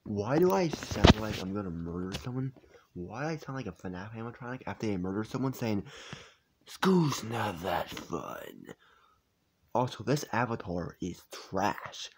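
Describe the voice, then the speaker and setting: A young man reacting to his own old videos in a hushed, half-whispered voice, incredulous and amused. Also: on the low side, lively intonation, moderate pace, slight background noise. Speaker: YouTuber. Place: home at night.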